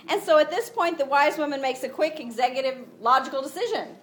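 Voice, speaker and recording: High-voiced woman teaching scripture. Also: brisk. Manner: animated, acts out quotes with rising voice; conversational, frequent "you know". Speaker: women's ministry teacher. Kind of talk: bible teaching talk.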